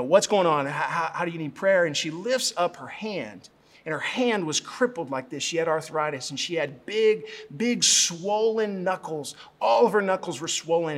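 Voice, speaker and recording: A middle-aged man, a pastor, preaching a sermon and telling a story, rising to loud, fervent prayer. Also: a little high.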